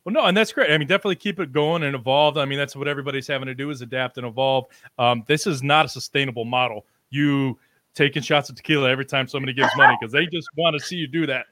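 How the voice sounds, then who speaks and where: A man hosting a casual live-stream interview, talking in halting bursts with frequent ums and restarts while he reads out viewer comments. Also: mid-range voice, pushed and bright, no room sound. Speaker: livestream interview host.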